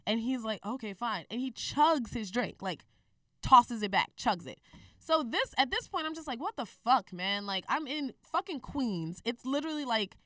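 A woman's voice: a little high, normal speed, no echo, clean studio sound, distant mic. You're a profane, candid young woman, slightly off-mic. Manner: candid, profane, animated retelling. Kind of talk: casual storytelling chat.

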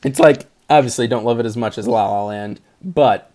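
Excitable young man gushing about movies. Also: mid-range voice, moderate pace. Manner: excited, rambling, laughs often. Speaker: podcast co-host. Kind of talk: casual movie chat.

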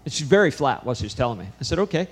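A man's voice: mid-range voice, sing-song, racing, long reverb tail. A man preaching a sermon, telling a story and acting out a conversation with changing emphasis. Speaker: pastor.

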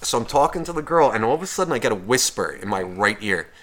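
Bright-voiced man, swearing storyteller. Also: mid-range voice, fast talker. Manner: rambling, heavy swearing, animated retelling. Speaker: podcast co-host. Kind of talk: casual podcast storytelling.

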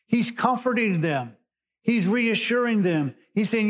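With a high-sitting, animated voice at a measured pace, a male pastor explains scripture in plain, everyday terms. His Bible teaching is conversational and paraphrases the text, heard through a dull lo-fi recording.

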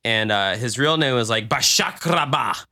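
A man's voice: medium pitch, lively intonation, normal speed, pushed and bright. A man co-hosting a casual podcast, joking and rambling about the story. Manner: laid-back, rambling, joking. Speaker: podcast co-host. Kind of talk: casual chat.

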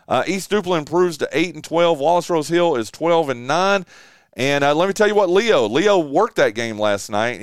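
A man hosts a local sports radio show with a smooth, resonant voice and a dry, close studio sound. He chats casually through scores, with plenty of fillers and restarts. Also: fairly high pitch, no room sound. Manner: rambling, lots of fillers and restarts.

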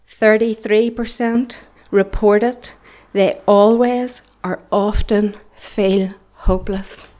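A woman's voice: mid-range voice, steady tone, slow pace, warm tone. A middle-aged woman with a Northern Irish accent gives an earnest, impassioned church testimony, sometimes dropping into a whisper. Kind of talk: preaching testimony.

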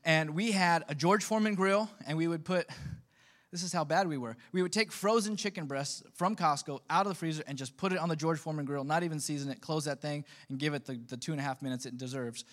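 A man in his thirties preaching a relaxed, conversational sermon as pastor, full of joking asides to his congregation. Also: a little high, fast.

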